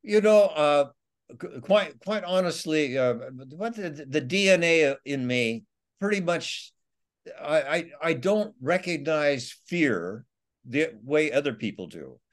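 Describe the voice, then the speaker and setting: A man, an author, telling a dramatic travel story in a podcast interview, halting with restarts and chuckles. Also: a little high, lively intonation. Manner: halting, many restarts and laughs, acts out quotes. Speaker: author and guest.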